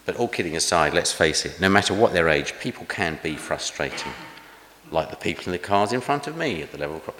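Deep-voiced older preacher, echoey hall. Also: male voice. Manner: chatty, self-deprecating, gently humorous. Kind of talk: conversational sermon with anecdotes. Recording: echoey hall with long reverb.

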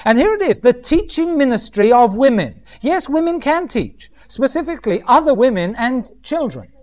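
A man's voice: very high-pitched, sing-song, normal speed. A middle-aged man preaching a humorous sermon, often mimicking other voices.

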